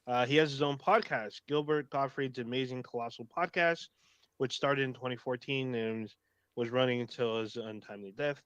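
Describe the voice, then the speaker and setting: A man's voice: medium pitch, normal speed, fairly bright tone, smooth, no room sound, muffled recording. Chatty man reading facts on a podcast. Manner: reads facts aloud with fillers, laughs easily. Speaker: podcast co-host. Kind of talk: casual podcast chat.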